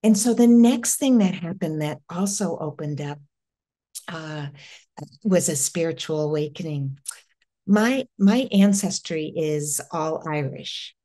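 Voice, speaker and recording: A middle-aged woman from the United States recounts a personal spiritual experience. She speaks very slowly in a fairly low voice, pausing and restarting her sentences often. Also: expressive, dark tone. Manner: slow, halting, with many restarts. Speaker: interview guest.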